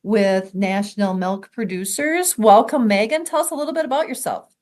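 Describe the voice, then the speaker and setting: A woman's voice: medium pitch, normal speed, darkish tone. A woman moderating a panel, upbeat and joking as she introduces the speakers.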